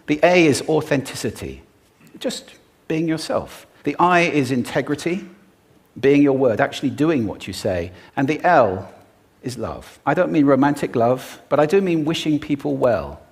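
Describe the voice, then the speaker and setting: A man giving a prepared public talk, delivering it emphatically with dramatic pauses. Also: medium pitch, animated.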